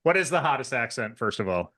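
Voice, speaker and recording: A man's voice: mid-range voice, very animated, fast, bright, forceful tone. A male podcast co-host with a Wisconsin accent, chatting casually and teasing his guest, often laughing.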